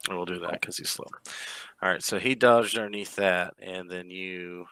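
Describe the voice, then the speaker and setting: A man running a tabletop game as game master, narrating scenes in a relaxed, descriptive way with some hesitations. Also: deep voice, normal speed, clear, resonant tone, dry recording.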